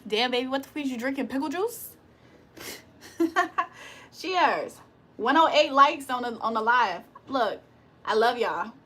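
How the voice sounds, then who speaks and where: A woman's voice: high-pitched, lively intonation, unhurried, pauses often, fairly bright tone. A woman hosting a casual livestream, reading chat aloud, playful and profane, laughing often and teasing viewers in a mock-preacher tone. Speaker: livestream host.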